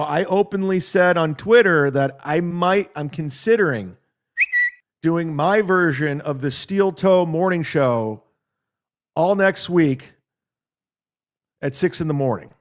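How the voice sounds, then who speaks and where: A middle-aged man, a comedian hosting his own show, telling a story in a blunt, profane, aggrieved casual rant. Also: a little high.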